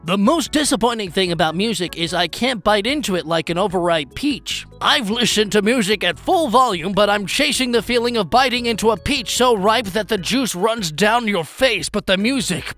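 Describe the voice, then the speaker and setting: A man reading funny posts aloud in a jokey, animated way, swinging from deadpan to loud. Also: high voice, moderate pace, hardly any pauses, soft background music. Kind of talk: comedic reading.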